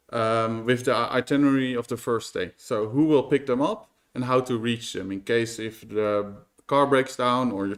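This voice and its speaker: A man giving a conference talk at a tech meetup, explaining steps with frequent pauses and restarts. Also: medium pitch. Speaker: conference speaker. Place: meetup presentation venue.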